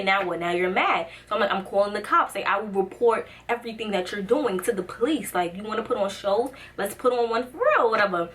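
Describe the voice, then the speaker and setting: Animated young New woman telling a story. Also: distant mic. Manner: animated, acts out quotes with rising pitch. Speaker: vlogger. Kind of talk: storytime vlog.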